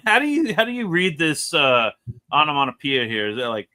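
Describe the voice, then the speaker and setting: An animated man with a bright, forceful tone and a slightly high-set voice talks through comic pages in easygoing chat. He wanders into asides and breaks into laughter often. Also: fairly quick. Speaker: comic book reviewer. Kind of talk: casual review chat.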